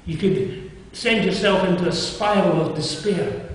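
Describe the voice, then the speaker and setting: A man's voice: sits high, unhurried, a little hiss or hum. An older man preaching a sermon in a chapel, earnest and conversational, often asking his listeners questions. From England. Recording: echoey chapel heard from far off.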